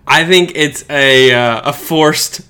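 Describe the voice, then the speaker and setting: A man's voice: fairly high pitch, slow pace, bright, forceful tone. A man co-hosting a casual sports podcast from his home, teasing his partner and laughing often into a shared microphone. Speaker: podcast co-host. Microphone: shared studio microphone.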